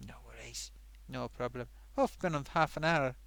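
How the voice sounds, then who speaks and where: A man's voice: medium pitch, normal speed, gravelly, fairly bright tone. A man hosting a live stream in a rambling, chatty, self-amused way, reading out viewer comments with lots of fillers. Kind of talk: casual live-stream chat.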